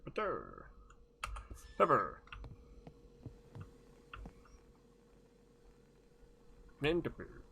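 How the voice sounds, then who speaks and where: A man's voice: mid-range voice, wildly swooping pitch, slow, gravelly, pushed and bright, a little hiss or hum, exaggerated voice. A man putting on a bumbling Muppet-style chef voice, babbling sing-song mock gibberish. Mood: muttering. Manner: sing-song nonsense chatter.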